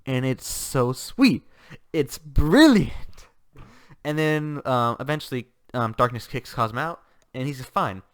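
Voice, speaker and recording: A man's voice: mid-range voice, lively intonation, takes it slowly, clean tone, no room sound, studio quality. A man giving a casual, enthusiastic book review, rambling with restarts and laughter.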